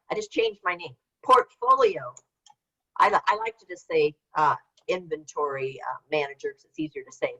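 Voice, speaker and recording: An older woman leads an online workshop in a chatty, rambling way, reading out and answering typed questions. Her voice is bright and lively, sitting fairly low, and it comes through a slightly dull, lo-fi call line. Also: creaky, slightly rough. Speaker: webinar presenter. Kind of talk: casual online workshop presentation.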